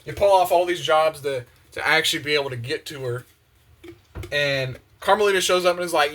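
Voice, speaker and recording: A young man with a higher-pitched voice talks briskly in a casual, rambling monologue while washing dishes in his home kitchen, its windows open. He's excited and slangy, uses many fillers, and acts out quotes.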